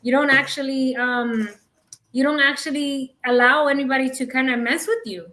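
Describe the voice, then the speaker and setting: High-pitched woman co-host, frank and emphatic in relaxed conversation. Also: normal speed. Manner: frank, emphatic, laughs often. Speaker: podcast co-host. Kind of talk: candid casual chat.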